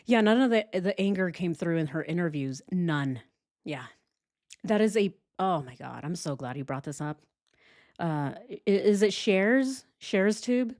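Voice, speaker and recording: On the low side in pitch, a female true crime host talks a case through during a laid-back livestream. The delivery is chatty and spirited, dotted with quick laughter and easygoing profanity.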